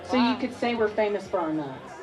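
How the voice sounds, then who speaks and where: A woman's voice: medium pitch, animated, fairly quick, a crowd in the background, low-quality recording. A woman emceeing a live eating contest on a handheld mic, bubbly and joking as she chats with contestants. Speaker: event emcee. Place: busy restaurant event.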